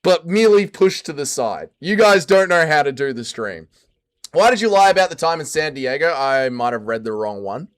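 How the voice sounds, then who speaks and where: A young man casually chatting on a livestream and reading viewer comments aloud, jumping between loud quips and low mutters. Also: big pitch swings, normal speed. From Australia. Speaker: streamer reading chat.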